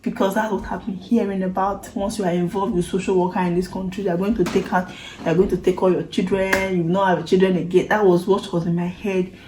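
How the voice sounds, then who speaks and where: A woman's voice: medium pitch, level tone, a little fast, reverberant, background noise. Earnest Nigerian woman telling her story. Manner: emotional, earnest retelling with Pidgin phrases. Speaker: vlogger. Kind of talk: personal storytelling to camera.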